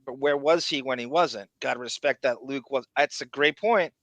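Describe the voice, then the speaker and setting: Bright-voiced animated male podcast host. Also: medium pitch, normal speed, no room sound, highs cut off. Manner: animated, laughs often, reads viewer messages aloud. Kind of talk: casual livestream chat.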